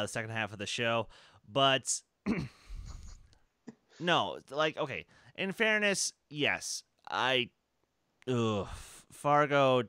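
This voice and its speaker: Bright, clear-voiced man hosting a podcast. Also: medium pitch, big pitch swings, drawn-out words, long pauses, no echo, studio quality. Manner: enthusiastic, rambling, laughs often. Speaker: podcast host. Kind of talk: casual podcast chat.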